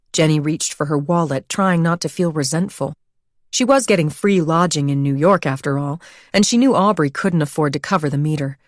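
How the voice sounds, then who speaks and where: Woman, audiobook narrator, low voice, steady measured reading, dry close recording. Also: no room sound. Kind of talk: scripted narration.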